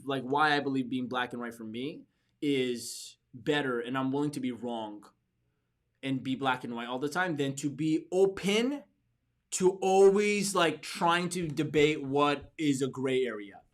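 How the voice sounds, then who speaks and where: A man hosting a podcast for entrepreneurs, giving a motivational talk with emphatic repeats and restarts. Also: medium pitch. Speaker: podcast host.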